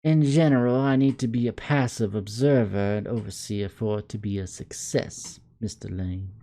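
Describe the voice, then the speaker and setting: A man with a Southern accent voicing a stern, formal male school official who speaks in a measured, composed way. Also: fairly low pitch, steady tone, mellow, slight background noise, lightly acted. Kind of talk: video game dialogue reading.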